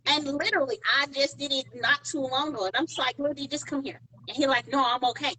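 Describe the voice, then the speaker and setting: High, bright-voiced woman chatting. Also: fast talker, poor audio. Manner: animated storyteller, acts out quoted dialogue. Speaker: podcast co-host. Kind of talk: casual chat.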